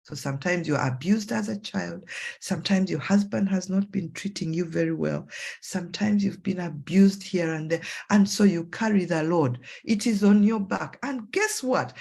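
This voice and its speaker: A woman's voice: creaky, slightly rough. A woman psychologist with a Ugandan English accent giving a motivational talk, acting out self-talk in a raised voice. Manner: animated, acts out self-talk in a high voice.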